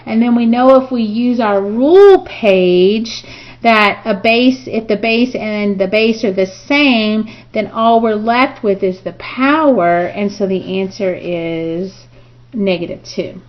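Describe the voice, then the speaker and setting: A woman teaching a recorded math review, talking at a slow, unhurried pace. She walks through each step aloud and keeps checking in with her students. The recording is dull and lo-fi. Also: medium pitch. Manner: talks through steps aloud, frequent "okay" and "right?". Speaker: math instructor.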